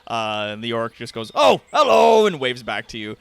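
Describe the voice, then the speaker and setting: A man running a tabletop game as game master, narrating in an unhurried way, with lots of fillers and frequent laughter. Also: medium pitch, little pitch movement, fairly bright tone, clean tone, dry recording.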